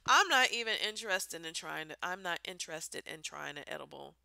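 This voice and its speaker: A woman rants bluntly into the camera on a casual vlog, exasperated and swearing freely. Her voice is bright and clear, with a smooth, crisp tone. The sound is close and dry, with no room around it. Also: lowish voice, lively intonation, brisk, no room sound. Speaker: vlogger.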